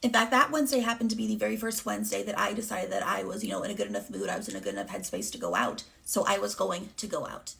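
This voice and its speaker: A woman's voice: medium pitch, expressive, very fast, creaky, hardly any pauses, a bit bright. A young adult woman from the Chicago area telling a personal story in a candid, rambling way with many fillers. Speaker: vlogger.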